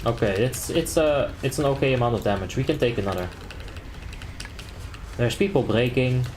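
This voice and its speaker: On this game stream, a young man from the Netherlands keeps things casual: he jokes, reads the chat aloud and calls out raid tactics. His medium-pitched voice is animated and a little mellow, moving at a normal speed over slight background noise. His manner is relaxed and playful, with frequent laughter as he reads chat.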